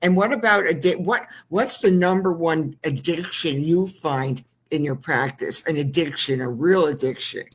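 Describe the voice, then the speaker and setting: A woman's voice: deep voice, moderate pace, few pauses, slightly rough. Blunt, opinionated woman talk show host. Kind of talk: casual interview chat.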